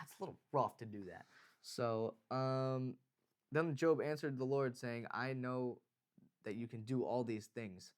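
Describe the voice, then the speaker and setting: A man co-hosting a podcast, chatting casually about the Bible and reading long scripture passages aloud, with fillers and laughs. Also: medium pitch. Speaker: podcast co-host. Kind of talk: casual Bible study chat.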